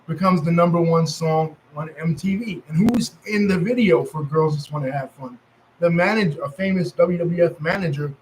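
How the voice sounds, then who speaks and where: A man's voice: fairly high pitch, slight background noise, rough recording. A man with a New York accent telling wrestling history in a loose, rambling monologue, full of fillers and self-corrections. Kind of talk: casual storytelling monologue.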